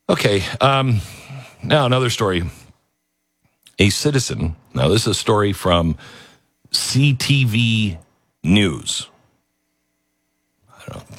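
A man hosting an opinionated news commentary, animated and sarcastic, often laughing. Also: deep voice, dry recording, clean studio sound. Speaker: commentary show host.

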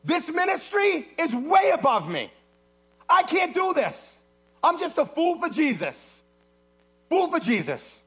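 A man preaching a sermon, swinging between loud exhortation and low hushed asides. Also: wildly swooping pitch, slow pace. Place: church platform.

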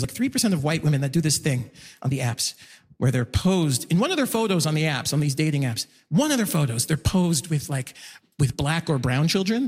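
A man doing a stand-up comedy set on stage, animated and exclamatory, acting out his own reactions. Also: on the high side, slightly rough. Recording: live room with long reverb.

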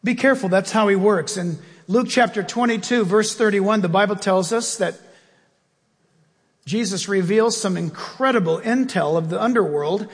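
A man's voice: high-pitched, normal speed, husky, big-room sound. A man preaching a sermon as pastor, telling stories and acting out voices as he goes. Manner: animated storytelling with acted-out voices.

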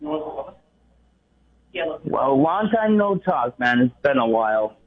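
A man's voice: mid-range voice, big pitch swings, takes it slowly, no room sound. A man calling in to a sports radio show, cocky and brushing off the host's teasing. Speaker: caller. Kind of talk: call-in chat. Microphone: phone. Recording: tinny phone line.

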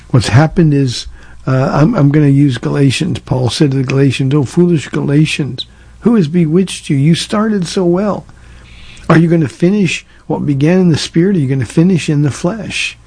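A man's voice: mid-range voice, warm tone, slightly rough, no echo. A man who pastors a church, answering listener questions in a casual call-in format, earnest and conversational with frequent restarts. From Southern California. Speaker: pastor hosting a call-in radio show. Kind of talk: call-in Q&A talk.

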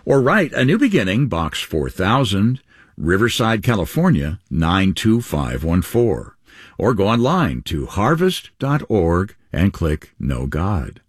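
Male co-host, husky lower voice, very animated delivery, dry close mic. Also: a little slow, dry recording. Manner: lively, upbeat, with wide pitch swings. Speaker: radio program co-host. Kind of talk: radio ministry announcing.

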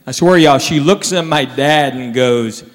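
A man's voice: medium pitch, measured pace. A man telling stand-up comedy stories to a live audience. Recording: hall reverb with faint crowd.

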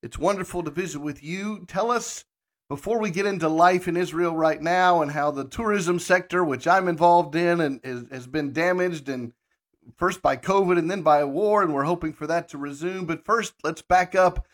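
Male talk radio host with a slightly high voice, measured and friendly. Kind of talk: radio talk show hosting.

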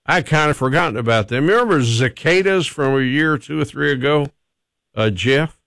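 A man's voice: a little high, normal speed, vocal fry, a bit bright, no room sound. A man hosting a radio call-in show, chatting casually in a folksy, rambling, self-deprecating way. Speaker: radio talk show host. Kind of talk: casual morning radio chat.

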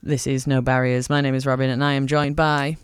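A man's voice: mid-range voice, level tone, fairly quick, clean tone, no echo. A man hosting a late-night community radio show in a studio, chatty and enthusiastic, with plenty of ums.

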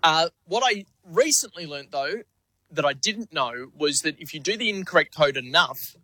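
A man's voice: on the high side, expressive, normal speed, pushed and bright, no room sound, rough recording. A man on a radio show, telling a story in a dry, sheepish way. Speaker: radio producer. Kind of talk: radio banter. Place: radio studio.

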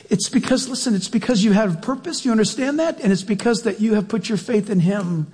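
Husky, high-voiced man preaching a sermon. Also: brisk, few pauses, long reverb tail. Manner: animated, playful, directly questions the congregation. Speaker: pastor.

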